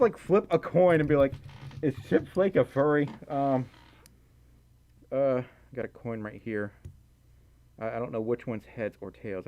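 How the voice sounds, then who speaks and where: Indoors at home and wearing a fursuit, a man casually reads and answers viewer chat on a livestream, giggling and rambling with plenty of fillers. His voice is mid-range and darkish, and the highs are cut off.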